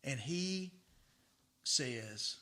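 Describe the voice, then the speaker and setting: A middle-aged man with a drawl shares stories as a podcast guest. His voice is strikingly bright and sharp. He stammers and repeats words while acting out bits of dialogue. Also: medium pitch, animated, drawn-out words. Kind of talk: casual storytelling.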